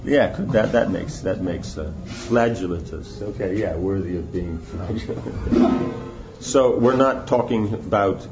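A man's voice: on the low side, lively intonation, measured pace, over music. Male teacher for a casual scripture class; conversational, keeps asking "right?", slightly dull recording. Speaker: spiritual teacher.

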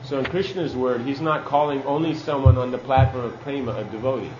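A man's voice: medium pitch, brisk, echoey room, lo-fi sound, background noise. A man giving a sermon-style scripture class, earnest and emphatic, using Sanskrit terms.

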